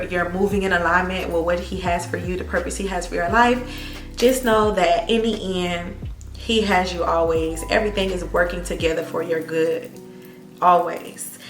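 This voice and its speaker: A woman, talking earnestly and with emphatic repetition in a heartfelt storytime vlog, her voice a little hoarse and emotional. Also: on the low side, roomy sound. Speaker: vlogger.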